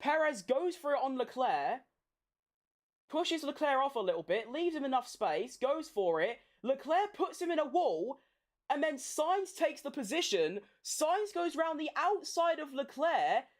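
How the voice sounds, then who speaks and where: A woman's voice: high voice, unhurried. Sweary woman calling a race. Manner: sweary, excitable, emotional. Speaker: streamer hosting a race watchalong. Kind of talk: live race commentary.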